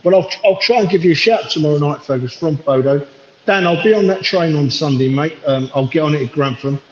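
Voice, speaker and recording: A man's voice: fairly high pitch, fairly quick, darkish tone. A man calls in by phone to a casual podcast while standing on a train station platform. He talks affectionately and drags out his goodbyes. The call sounds muffled and echoey, with faint noise behind it. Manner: affectionate, long-winded goodbyes. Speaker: caller. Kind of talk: casual chat.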